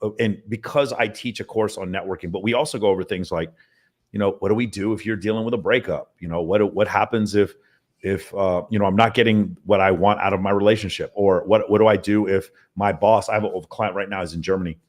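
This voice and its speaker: A man talking as a podcast guest about his sales team, in an emphatic, profane, rapid-fire way. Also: on the low side, fairly even intonation. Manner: emphatic, profane, talks in long runs. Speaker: podcast guest, mentoring business owner. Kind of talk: casual podcast interview.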